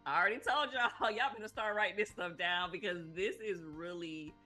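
A woman hosting a talk show, chatting casually with her guest and the audience in a lively, teasing way, saying y'all often. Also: on the low side, normal speed, faint music behind. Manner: lively, teasing, laughs easily, uses y'all. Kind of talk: casual chat.

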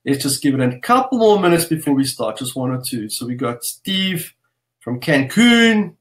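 A man's voice: a little high, big pitch swings, moderate pace, fairly bright tone. A man hosting a live webinar, greeting viewers by name and place in an upbeat, casual way. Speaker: webinar host.

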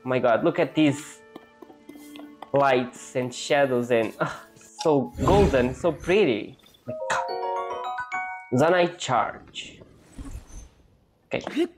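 A woman's voice: a bass voice, takes it slowly, pauses often, music in the background. A young woman chatting casually as she plays a video game, thinking aloud in a playful way. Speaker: gaming channel host. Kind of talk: casual gameplay commentary.

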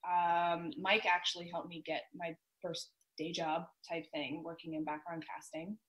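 A woman's voice: on the low side, little pitch movement, unhurried, a bit bright, poor audio. A woman filmmaker chatting casually as a podcast guest, talking readily with lots of fillers and easy laughter. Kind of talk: casual interview chat.

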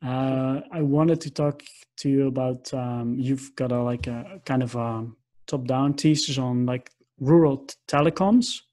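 A man hosts a conversational interview at a mid pitch that is ordinary for a man. He is hesitant, fills his speech with ums and likes, and lets his questions trail off unfinished. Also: a little slow, dark tone. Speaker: podcast host.

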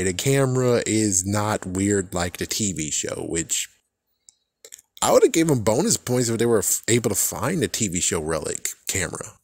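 A young man giving a casual, rambling fan reaction, excitable and swearing freely as he trails off and restarts. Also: lowish voice, no echo, clean studio sound. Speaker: fan vlogger.

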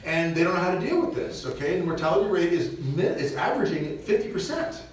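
Animated guy doing a church talk, far from the mic, big echoey room, lots of playful asides. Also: sits high, quick pace. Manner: animated, jokey, acts out little scenes. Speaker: visiting speaker on preparedness. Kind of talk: lively parish mission talk. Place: church hall.

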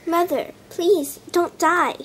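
A woman's voice: very high-pitched, big pitch swings, drawn-out words, fairly bright tone, a little hiss or hum, full character voice. A woman voicing a young female fox in a homemade toy drama, crying out and pleading. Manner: pleading, cries out in distress. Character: young grieving female fox, clumsy and upset. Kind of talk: toy-figure fan drama acting.

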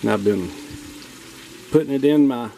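A man's voice: medium pitch, moderate pace, gravelly, warm tone, a little hiss or hum, rough recording. A man hosting a casual cooking vlog, talking straight to his viewers in a folksy, enthusiastic way. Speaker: outdoor cooking channel host. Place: home kitchen with food frying. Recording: faint kitchen sizzle behind.

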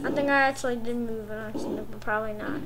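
A woman commentating on her own gameplay, excitable, cheering and shrieking at what happens on screen. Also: a little high, quick pace, very noisy. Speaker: gaming commentator. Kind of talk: let's play commentary.

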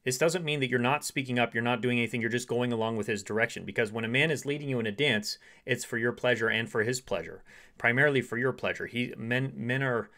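A man's voice: mid-range voice, fast talker. Man coaching women on dating. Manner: acts out short quoted dialogues in softer voice.

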